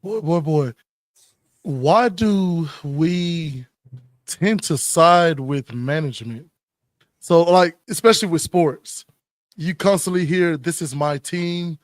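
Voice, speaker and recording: A man with an American accent hosting a podcast, asking animated, folksy questions in casual conversation. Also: fairly high pitch, takes it slowly, dry recording, clean studio sound. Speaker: podcast host. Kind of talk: casual interview chat.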